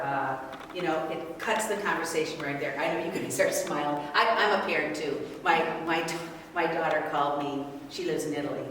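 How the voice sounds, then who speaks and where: Brief: older woman workshop speaker, lowish voice, lively with the audience, distant mic in a big echoey hall. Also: moderate pace, hardly any pauses. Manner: animated, asks the audience questions. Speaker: speaker leading a parent workshop. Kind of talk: interactive talk to an audience. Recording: echoey hall from far off, noisy.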